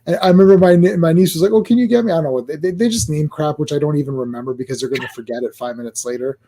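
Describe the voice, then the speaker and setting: A man with a high, light voice rambles through a casual podcast chat. He tells stories at length and often laughs at his own jokes. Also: fairly even intonation, very fast, warm tone, a little hiss or hum. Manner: rambling, self-amused storytelling. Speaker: podcast host.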